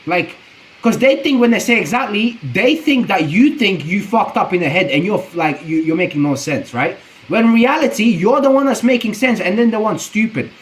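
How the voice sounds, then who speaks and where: A man's voice: high voice, expressive, normal speed, poor audio. Rambling, profane young streamer guy. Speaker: streamer reacting to a video. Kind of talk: casual reaction commentary.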